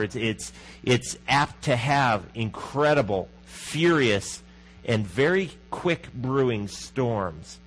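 A pastor with a medium-pitched voice, heard through poor audio, preaches a sermon conversationally. He often asks the congregation questions and drops to a hushed voice for emphasis.

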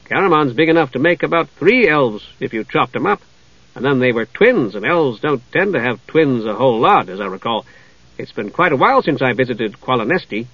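A man voicing an excitable, chatty male kender who rambles eagerly, on a dull lo-fi recording. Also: medium pitch, brisk, husky, no room sound. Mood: thoughtful chatter.

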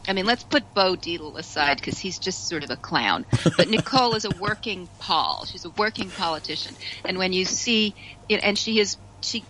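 A woman's voice: on the low side, animated, moderate pace, sharp tone, a little hiss or hum, poor audio. A woman talking as a guest commentator on a radio show, chatty, with frequent restarts and laughter. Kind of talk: casual radio discussion.

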